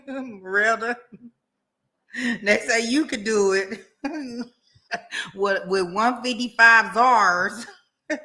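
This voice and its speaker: A woman hosting a casual livestream, reading viewer comments aloud. She laughs often and chats in a slangy, easygoing way, addressing her viewers as y'all. Her delivery is slow and drawn out, and her voice is bright. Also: a little high. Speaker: livestream host.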